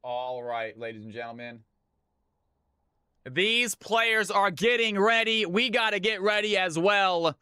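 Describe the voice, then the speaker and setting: Bright, high-voiced hyped stream host. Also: male voice, expressive, a little slow, smooth, no echo, clean studio sound. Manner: hyped, chatty, laughs often. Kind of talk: casual live-stream chat.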